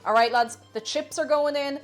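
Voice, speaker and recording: A woman's voice: high voice, moderate pace, over music. A young Irish woman streaming herself cooking, chatting casually and playfully with viewers, joking at her own expense and laughing often. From Ireland.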